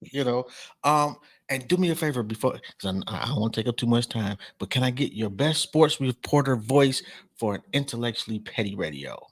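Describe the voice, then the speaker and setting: A man's voice: mid-range voice, animated, a little fast. A middle-aged man hosting a casual podcast, laid-back and slangy, with bursts of laughter. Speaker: podcast host.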